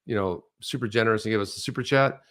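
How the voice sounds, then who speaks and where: A middle-aged man co-hosting a casual chat, telling stories in a rambling, animated way with lots of restarts. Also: lowish voice, fast. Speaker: co-host.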